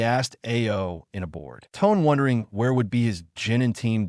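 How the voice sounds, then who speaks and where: A man narrating a fan-fiction story in a steady, scripted storytelling manner. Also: fairly low pitch, normal speed, no room sound, clean studio sound.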